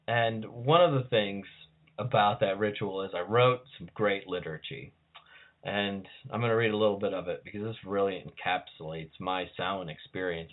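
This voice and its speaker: A man with a scratchy voice talking casually as a podcast guest, at times reading ritual verses solemnly. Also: lowish voice. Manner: reads liturgy in a raised, solemn voice. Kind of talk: casual talk and liturgy reading. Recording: tinny phone-like line.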